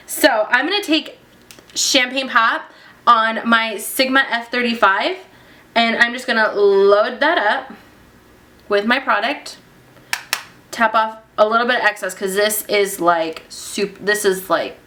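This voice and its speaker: A woman's voice: a little high, takes it slowly. A young woman narrating a casual makeup tutorial, chatty and gushing over the products she uses. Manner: gushing, breaks into excited squeals. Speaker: beauty vlogger.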